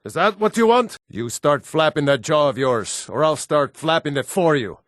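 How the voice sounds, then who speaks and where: An actor voicing assorted gruff adult Nord men in a fantasy video game, blunt and plain-spoken. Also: male voice, a little high, expressive, normal speed, a bit bright, dry recording, studio quality. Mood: threatening. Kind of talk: game voice lines.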